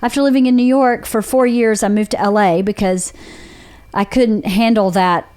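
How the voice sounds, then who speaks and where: A woman's voice: mid-range voice, steady tone, normal speed, darkish tone. A woman from Georgia with a Southern accent, hosting a podcast and telling her own story in a candid, rambling way, with restarts. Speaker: podcast host. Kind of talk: casual chat.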